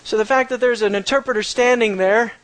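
A man preaching a verse-by-verse Bible teaching, animated and conversational, full of rhetorical questions. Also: extremely high pitch, brisk, no room sound, low-quality recording.

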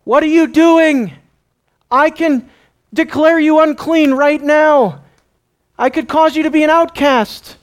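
A man playing an angry male scribe who loudly threatens to declare someone unclean. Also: very high voice, takes it slowly, voice pushed up. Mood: indignant. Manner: loud, indignant, threatening.

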